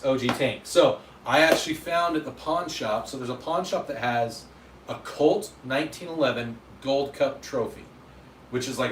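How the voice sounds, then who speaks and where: A man's voice: medium pitch, slight background noise. A man hosting a casual livestream, chatting loosely and answering viewer comments with self-deprecating humor. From Utah, USA. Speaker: livestream host. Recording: echoey room, mic at a distance.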